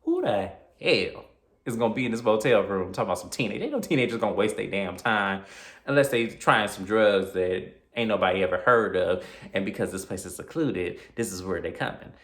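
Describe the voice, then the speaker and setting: Man, low voice, slangy animated movie recap, casual vlog, roomy echo. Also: fairly quick. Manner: slangy, animated storytelling with acted quotes. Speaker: horror film reviewer.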